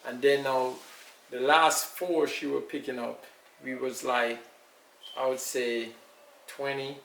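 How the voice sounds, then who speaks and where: An older Jamaican man with a gravelly voice tells family memories at an easy, reminiscing pace. He sits well back from the mic in an echoey room with a faint hiss of noise underneath. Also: mid-range voice, flat delivery, a bit bright, recorded from a distance. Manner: unhurried, reminiscing storyteller. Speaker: elder being interviewed. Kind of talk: casual recollection.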